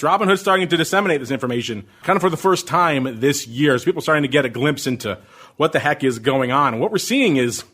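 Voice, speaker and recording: A middle-aged man hosting a podcast, answering listener questions about options trading in an excitable, ramped-up way. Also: mid-range voice. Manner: excitable, fast, ramped-up delivery. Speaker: podcast host.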